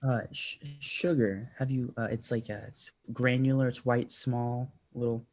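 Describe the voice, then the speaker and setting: A man's voice: mid-range voice, fairly even intonation, measured pace, a little mellow. A man joking and hesitating as a player in a tabletop game over a video call.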